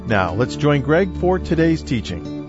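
A male radio announcer reading scripted introductions in a smooth, even delivery, on a dull lo-fi recording. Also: a little high, a little slow. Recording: dull lo-fi radio with music bed. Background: music.

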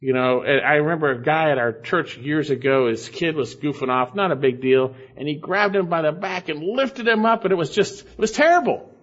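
Emphatic pastor with a dull, lo-fi sound. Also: male voice, a little fast, few pauses, fairly bright tone. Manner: emphatic, repeats key phrases, rises in pitch for stress. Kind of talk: expository Bible sermon.

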